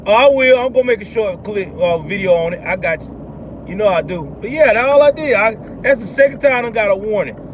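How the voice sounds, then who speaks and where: High-voiced man ranting from a car. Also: brisk. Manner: blunt, profane, animated. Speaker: vlog host. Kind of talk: casual ranting commentary. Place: in a car on the road. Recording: car road noise behind.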